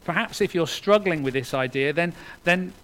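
Male preacher, high-pitched, earnest sermon delivery with loud peaks and quiet drops, stumbling restarts. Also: moderate pace, poor audio. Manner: earnest, swinging between loud emphasis and hushed lines, with restarts.

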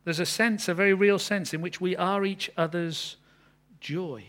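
Earnest preacher, slightly high voice. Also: male voice, steady tone, a little slow, a bit bright. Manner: earnest, builds to emphatic peaks then drops low. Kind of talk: sermon.

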